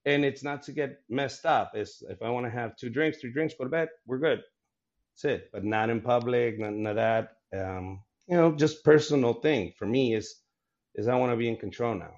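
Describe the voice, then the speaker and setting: A male comedian on a podcast talks bluntly and swears freely, laughing often between points. His voice sits at a middle pitch for a man. The recording sounds a little dull and lo-fi. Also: moderate pace, a little mellow. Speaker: comedian guest. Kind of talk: casual podcast chat.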